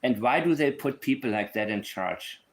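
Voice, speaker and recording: A man's voice: mid-range voice, expressive, normal speed. Blunt, opinionated man commentator. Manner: blunt, opinionated, thinks aloud. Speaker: true crime commentator. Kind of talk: casual commentary.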